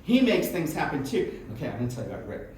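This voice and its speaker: A man's voice: fairly high pitch, wildly swooping pitch, fast talker. A man hosting a live event, introducing people from the stage in an effusive, chatty way and laughing often. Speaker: event host. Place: small event hall in a music school. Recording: echoey room from far off, noisy.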